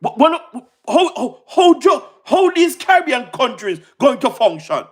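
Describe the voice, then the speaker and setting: A Jamaican man with a very high voice, doing casual livestream commentary. He talks in an excitable rush, repeating words and firing rhetorical questions at his viewers. He laughs often between points. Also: measured pace, breathy edge.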